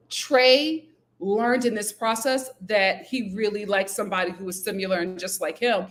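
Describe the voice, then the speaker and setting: A woman giving casual, animated commentary on a reality show, acting out quotes in high, incredulous voices. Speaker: YouTube reality TV recapper.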